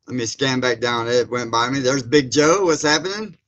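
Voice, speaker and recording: A man's voice: medium pitch, moderate pace, fairly bright tone. Man, livestream host, loose rambling chat-reader. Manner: folksy, laughs often, many fillers. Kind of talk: casual live chat. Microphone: streaming setup mic.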